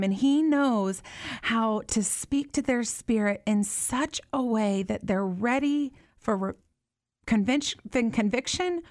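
A woman's voice: mid-range voice, a little mellow, dry recording, studio quality. A woman in her thirties hosting a live Q&A chat, talking earnestly and animatedly, with lots of fillers. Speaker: host.

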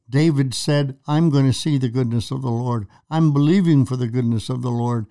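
Retelling Bible stories on a faith talk show he co-hosts, this preacher dramatizes the quoted lines in a chatty teaching manner. His voice is dark and mid-range, moving at normal speed with few pauses.

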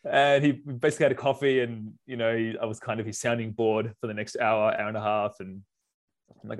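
A man's voice: fairly low pitch, a little fast. A man, a wedding photographer telling stories in a casual interview, acting out the people he quotes. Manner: animated, acts out quotes in raised voice. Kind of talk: casual storytelling.

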